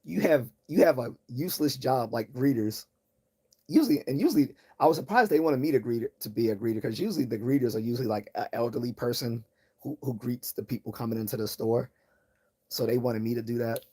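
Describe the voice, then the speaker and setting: A man hosting a livestream, talking in a calm, low-key voice in a rambling, casual monologue full of restarts and tangents. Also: a little fast, husky. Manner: tangent-prone, many restarts and repeated words. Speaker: livestream host.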